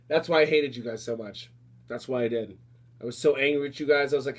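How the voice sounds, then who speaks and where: A man hosting a podcast launches into casual ranting talk, fast, emphatic, and repeating his points. His voice is medium in pitch with fairly even intonation.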